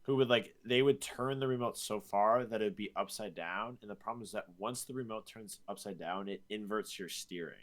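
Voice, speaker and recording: A young man with a fairly low voice co-hosting a casual gaming chat. He tells animated stories and often restarts his sentences, trailing off into quieter asides. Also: fairly quick, few pauses. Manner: animated storyteller, frequent restarts. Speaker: podcast co-host.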